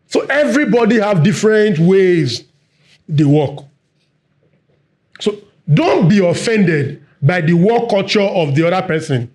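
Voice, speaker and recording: Male workshop trainer, fast-talking, high-pitched, audience-engaging. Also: a little mellow. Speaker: workshop facilitator. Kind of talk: live workplace training talk.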